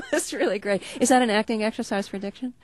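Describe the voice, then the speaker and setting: A woman interviewing a guest on the radio, curious and quick to laugh. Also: fairly high pitch, a little mellow, no room sound.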